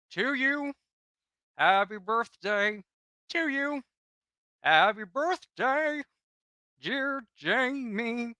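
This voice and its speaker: A man putting on a famous female singer's voice, singing in a slow, drawn-out croon. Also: very high voice, bright, forceful tone, clear, resonant tone, no echo, pitched above the performer's own voice, heavily acted.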